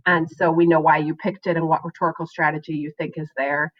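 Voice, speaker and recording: A woman with a fairly low voice teaches a writing lesson to her students. She speaks in an encouraging way, often adding "um" and asking "right?" to check in. The recording sounds dull and lo-fi. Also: flat delivery, quick pace. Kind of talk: recorded online class lesson.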